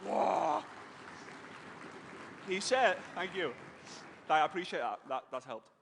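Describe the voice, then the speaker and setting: A man telling his business story on stage, animated and emotional, acting out what others said. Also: high-pitched, takes it slowly, creaky, a little hiss or hum. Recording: long hall reverb.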